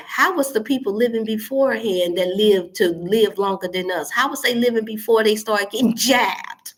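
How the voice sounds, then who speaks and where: A middle-aged woman hosts a wellness show, chatting casually to viewers. Her talk turns preachy and animated, pressing points with emphatic questions. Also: mid-range voice, moderate pace, few pauses. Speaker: wellness channel host.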